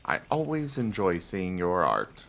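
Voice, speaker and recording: A man hosting a casual gameplay livestream, chatting and thanking viewers with frequent filler pauses. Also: deep voice, wildly swooping pitch, vocal fry, fairly bright tone. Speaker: livestream host.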